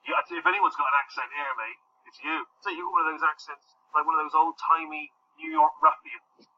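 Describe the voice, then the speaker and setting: An actor playing a posh British casino heir who stammers and bluffs, speaking with a British accent. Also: male voice, on the high side, lively intonation, fairly quick, a little hiss or hum. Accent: British English. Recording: dull lo-fi film audio.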